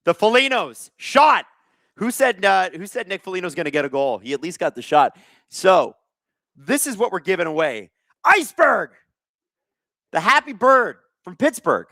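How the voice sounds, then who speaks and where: A Canadian man in his thirties hosts a casual live hockey watch-along, mixing play calls with jokes, reading chat aloud and shouting out viewers in bursts of excitement. His bright, forward voice swings widely in pitch at a moderate pace, recorded dry and close with no room sound.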